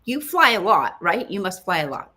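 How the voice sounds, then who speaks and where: A woman's voice: mid-range voice, very animated, moderate pace, bright, forceful tone. A woman co-hosting a casual chat who starts her questions over and laughs easily. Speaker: co-host.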